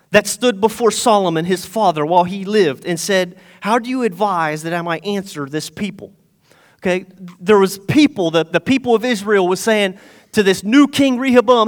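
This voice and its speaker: High-voiced man preaching a sermon. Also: normal speed. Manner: retells scripture in casual paraphrase, swings between loud and hushed. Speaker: pastor. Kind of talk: sermon with scripture reading.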